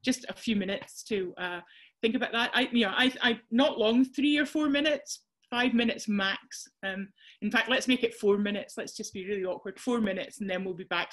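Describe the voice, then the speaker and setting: A woman's voice: mid-range voice, brisk, fairly bright tone. A Scottish woman presenting a workshop over a video call, chatty and self-deprecating with frequent restarts.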